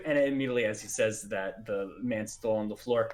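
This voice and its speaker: A man narrating a tabletop game as game master, halting and full of fillers. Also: on the low side.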